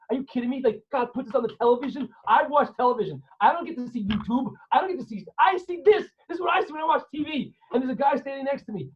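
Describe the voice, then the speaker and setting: High, husky rabbi telling a story. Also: male voice. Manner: animated, asks listeners questions, acts out scenes. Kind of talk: storytelling lesson to students. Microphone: video call. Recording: dull lo-fi online audio.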